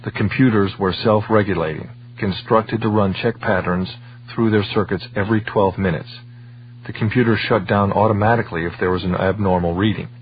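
Low-voiced man narrating an audiobook. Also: steady tone, fairly quick, husky, dull audio.

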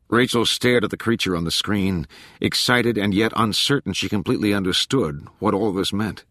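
Audiobook narrator: man, lowish voice, dry booth sound, steady novel reading. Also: moderate pace, no echo. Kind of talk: scripted narration.

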